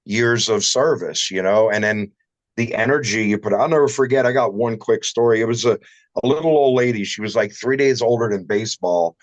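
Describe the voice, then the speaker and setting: A man's voice: on the low side, a little fast, no echo, rough recording. A man who runs a shower door shop, chatting casually on a livestream and telling rambling anecdotes with some salty language.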